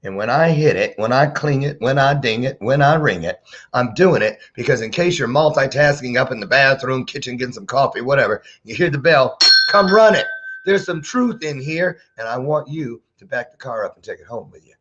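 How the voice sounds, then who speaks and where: Over a video call, a male talk show host banters playfully with a preacher-like flair in a casual interview chat. His mid-range voice is a little fast and fairly bright, and the sound is dull and lo-fi.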